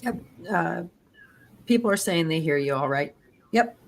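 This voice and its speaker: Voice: medium pitch, lively intonation, unhurried, gravelly, slight background noise. A live stream co-host in casual chat, easygoing, relaying viewer comments.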